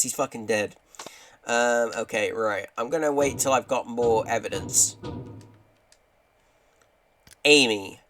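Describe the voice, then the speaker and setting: Chatty man streaming a game. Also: a bit bright. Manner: jokey, chatty, reads game texts aloud in a low voice. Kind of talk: live game commentary and reading messages aloud.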